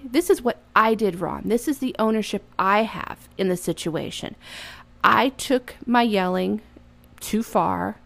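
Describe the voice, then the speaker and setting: A woman's voice: mid-range voice, gravelly. Earnest woman giving parenting advice. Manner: earnest, reflective, conversational. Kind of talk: casual advice talk.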